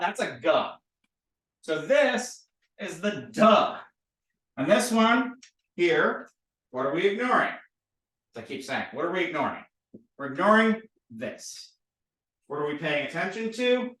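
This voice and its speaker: Taking it slowly and pausing often, a man with a slightly high voice teaches a recorded lesson on how to draw letters. He's a playful, animated language teacher who drills sounds repeatedly, and the roomy recording catches him from a distance, a bit off-mic.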